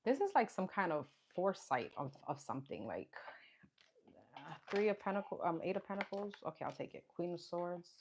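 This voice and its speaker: A woman's voice: lowish voice, very animated, brisk. A woman giving a casual live tarot reading, chatting and thinking aloud as she names the cards. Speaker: tarot card reader. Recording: clear background noise.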